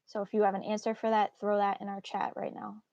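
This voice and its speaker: A woman's voice: mid-range voice, monotone, fast, creaky, darkish tone, no echo, lo-fi sound. A woman teaching a live online literature class in a casual, encouraging way, with frequent fillers. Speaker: English teacher.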